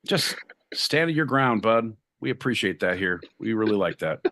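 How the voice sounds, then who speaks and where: A man's voice: on the low side, expressive, moderate pace, pushed and bright, dry recording. A man co-hosting a podcast, exasperated and profane in casual banter over a video call. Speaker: podcast co-host.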